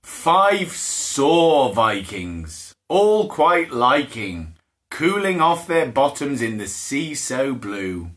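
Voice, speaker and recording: A man's voice: mid-range voice, very animated, very slow, a bit bright. A man hosting a live-streamed bedtime story for small children, reading aloud playfully with laughs and put-on character voices. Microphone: phone or camera for a live stream.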